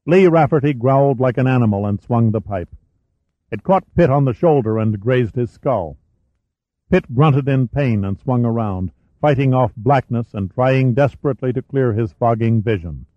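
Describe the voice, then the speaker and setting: A man reading a thriller audiobook in a steady, measured storytelling manner. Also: mid-range voice, no room sound. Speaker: audiobook narrator. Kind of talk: scripted thriller narration. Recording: dry, slightly muffled studio recording.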